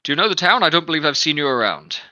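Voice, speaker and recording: A man's voice: a little high, big pitch swings, rapid-fire, sharp tone, no room sound, pitched above the performer's own voice, exaggerated voice. A man voicing a confident, imposing male captain of the guard who greets people heartily. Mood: hearty.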